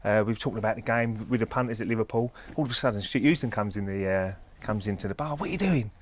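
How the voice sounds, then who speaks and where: Relaxed man telling a footy story. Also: lowish voice, fast. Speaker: former footballer guest. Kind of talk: casual anecdote on a chat show.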